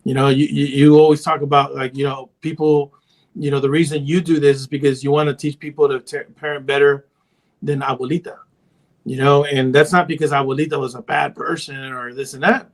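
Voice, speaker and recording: A man's voice: medium pitch, little pitch movement, a little fast. A man who works as a therapist and parent coach, chatting casually on a podcast and telling stories with a lot of filler phrases. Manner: rambling storyteller, heavy on filler phrases.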